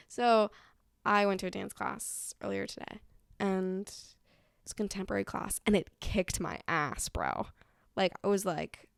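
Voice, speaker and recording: A woman talking straight to camera in a loose, rambling vlog style, peppering her sentences with "like" and casual curses. Her voice has a gravelly fry running through it, and the sound is dry and close with no room echo. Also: medium pitch, moderate pace. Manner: chatty, lots of "like" fillers, casual swearing. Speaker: vlogger.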